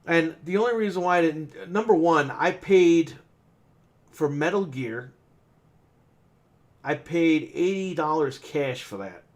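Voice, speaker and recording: A man with a slightly high voice rants in a casual podcast chat. He is exasperated and swears freely. He acts out each side of an argument with customers at his shop. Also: lively intonation, slow pace, long pauses. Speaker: podcast co-host and game store owner. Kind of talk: casual ranting story.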